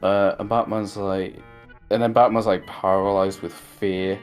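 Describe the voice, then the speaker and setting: A man's voice: on the low side, flat delivery, unhurried, faint music behind. A man co-hosting a casual review chat, rambling through jokey recaps with lots of fillers. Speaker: podcast co-host.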